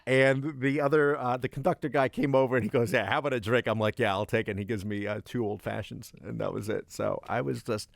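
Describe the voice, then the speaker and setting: A man co-hosting a podcast, telling a story in casual chat as an animated storyteller who acts out the people he quotes. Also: medium pitch, fast talker, gravelly, hardly any pauses. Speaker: podcast co-host.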